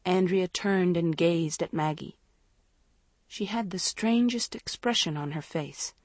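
A woman narrating a storybook in a measured, dramatic way. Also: lowish voice, a little mellow, dry recording. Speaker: audiobook narrator.

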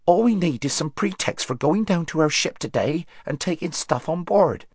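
A man voicing an excitable male fawn who talks eagerly and impatiently in a storybook reading. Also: fairly high pitch, moderate pace, husky, dry recording, studio quality, pitched above the performer's own voice.

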